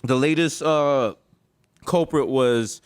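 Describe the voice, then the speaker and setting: A man's voice: medium pitch, slow pace, smooth. A man in his thirties with a New York accent, a podcast co-host telling funny stories and slipping into put-on voices. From the Bronx, New York. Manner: animated, swings into put-on voices for bits. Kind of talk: casual comedic storytelling.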